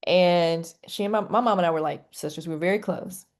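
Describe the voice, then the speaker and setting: A middle-aged woman with a lowish voice speaks a little fast. She's a counselor appearing as a podcast guest in a conversational interview, earnest and heartfelt.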